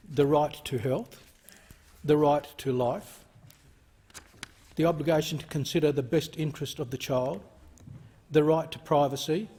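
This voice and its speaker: A man with an Australian accent, a member of parliament giving a measured, formal speech in the chamber and stressing key words. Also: a little high, darkish tone, breathy edge.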